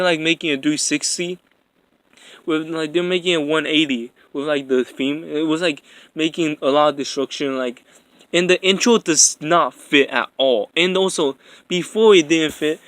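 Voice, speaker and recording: A man's voice: fairly high pitch, a bit bright, no echo. A young man giving a rambling, profane, exasperated commentary on an anime episode. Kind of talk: ranting commentary.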